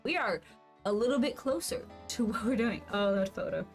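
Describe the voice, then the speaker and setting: A woman's voice: medium pitch, animated, normal speed, soft background music. A woman in her thirties streaming a building game, chatting casually and thinking aloud with playful asides. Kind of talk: casual gameplay commentary.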